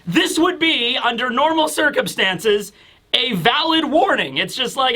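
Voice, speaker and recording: A man with a high, bright voice rambles through a casual comic recap. He talks in loose asides and leans heavily on fillers. The tone is informal, like a chat with viewers. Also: lively intonation, unhurried. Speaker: manga reviewer.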